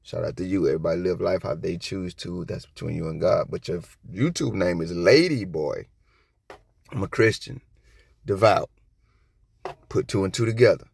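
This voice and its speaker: A man with a gravelly, creaky voice hosts a casual commentary vlog, talking straight to his viewers. He rambles off topic, blunt and profane. The sound is dry and close. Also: deep voice, normal speed, long pauses, darkish tone, no echo. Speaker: commentary channel host.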